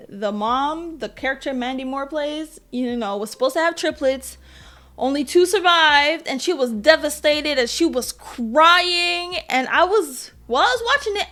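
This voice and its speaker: A young adult woman hosting a podcast, telling a personal story in a candid, self-deprecating way with lively quoted asides. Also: high-pitched. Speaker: podcast host. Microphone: podcast mic.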